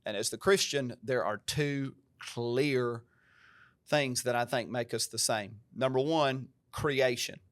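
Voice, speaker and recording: Speaking slowly in a mid-range voice, a pastor with an American country twang makes his case earnestly and forcefully on a podcast, much as he would from a pulpit. There's no room sound.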